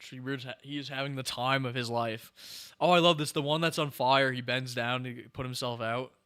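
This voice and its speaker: A man's voice: medium pitch, fairly even intonation, moderate pace, fairly bright tone, smooth. A young man hosting a podcast, reacting casually to a movie as he watches, exclaiming and talking back to the screen. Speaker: podcast host.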